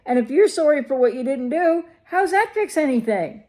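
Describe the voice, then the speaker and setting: A woman's voice: high voice, expressive, moderate pace, warm tone. A woman recovery coach talking straight to her viewers, emphatic and full of rhetorical questions. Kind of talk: direct-to-camera advice talk.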